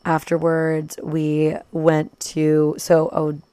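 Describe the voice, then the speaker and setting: Chatty young woman, low dry voice. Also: completely flat delivery, mellow, clean tone, no echo. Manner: chatty, fast, full of "like", acts out quotes. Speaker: vlogger. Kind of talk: casual storytime recap.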